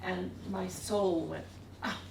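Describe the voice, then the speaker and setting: A woman artist with a mid-range voice speaks at a measured pace, giving a talk in a museum gallery room. She tells anecdotes in a meandering way, chuckling often. The recording is echoey, with a distant mic and faint hiss.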